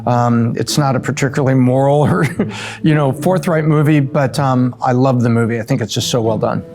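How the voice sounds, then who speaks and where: A middle-aged man from the US East Coast answering quick questions in a casual, upbeat way, with fillers and self-corrections. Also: mid-range voice, darkish tone, faint music behind. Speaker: show regular answering rapid-fire questions.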